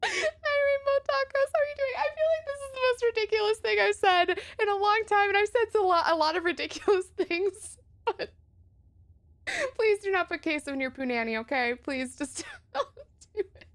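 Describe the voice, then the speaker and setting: A young adult woman streams a game playthrough in a high voice. She giggles, exclaims and keeps up a running chat with her viewers. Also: normal speed, a bit bright.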